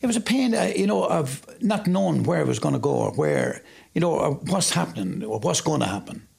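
Gravelly, raspy Irish man telling his story. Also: a little high, animated, brisk, darkish tone. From Ireland. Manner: rambling, vivid storytelling. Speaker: interviewee. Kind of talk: personal testimony.

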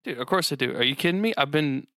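A hyped young superhero with an influencer accent, as a man plays him in a tabletop game. The voice is very bright and forceful, recorded dry and close. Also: a little high, animated, fast, no room sound.

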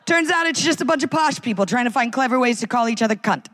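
An American woman performing a live stand-up routine in a large concert hall, wry and animated. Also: fast talker. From United States. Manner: wry, animated, acts out characters in high voices. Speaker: stand-up comedian.

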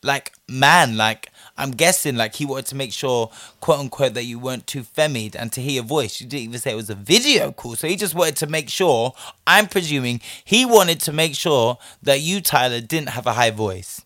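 A man's voice: medium pitch, lively intonation, moderate pace, pushed and bright, no echo, clean studio sound. Sassy, chatty man. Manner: chatty and sassy, heavy use of "like", laughs often. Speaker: host answering a listener story. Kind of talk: casual commentary.

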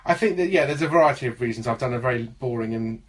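A sitcom writer in an interview, hesitant and self-deprecating. His voice is husky. His pitch is middling. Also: quick pace. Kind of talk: casual interview.

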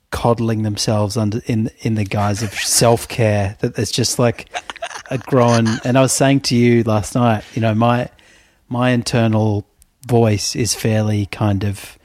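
A man in casual conversation, wry and critical, jumping his pitch up for mocking quotes. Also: fairly even intonation, unhurried, darkish tone, no echo. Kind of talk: casual chat.

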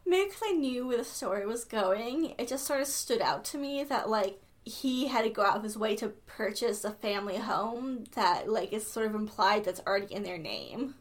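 Woman co-host, a bit high-pitched, eager, theorizing, loose casual delivery. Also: animated, moderate pace, hardly any pauses. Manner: enthusiastic, heavy use of "like", floats theories. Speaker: podcast co-host. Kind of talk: casual chat.

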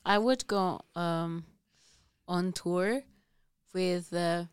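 Woman with italian accent, lowish smooth voice, easygoing, laughs a lot, dry sound. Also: extremely slow, no room sound. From Italy, near Venice. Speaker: guest musician. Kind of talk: casual chat.

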